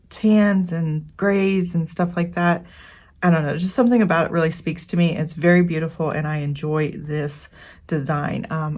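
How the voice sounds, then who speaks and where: Chatty woman, lower voice, many fillers. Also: darkish tone. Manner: rambling, with frequent "um" fillers. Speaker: budget planning channel host. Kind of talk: casual chatty vlog walkthrough.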